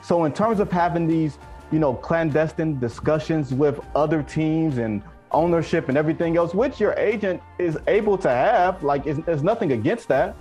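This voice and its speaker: A man's voice: fairly high pitch, moderate pace, darkish tone, faint music behind. A man making emphatic points as a sports analyst on a debate show.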